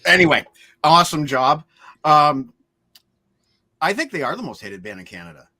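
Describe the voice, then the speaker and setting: A man hosting a casual music podcast, excitable and quick to laugh. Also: fairly high pitch. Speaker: podcast host. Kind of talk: casual chat.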